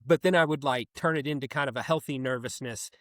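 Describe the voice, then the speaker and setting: A man co-hosting a metal podcast, telling stories in an animated, chatty way with frequent laughter. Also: mid-range voice, fast talker, dry recording, clean studio sound. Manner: animated storyteller, laughs often. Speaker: podcast co-host. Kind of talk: casual chat.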